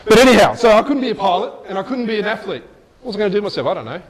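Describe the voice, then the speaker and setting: A middle-aged man giving a motivational speech, telling a personal story in a lively, chatty way with asides. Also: high-pitched, very fast, low-quality recording. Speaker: motivational speaker.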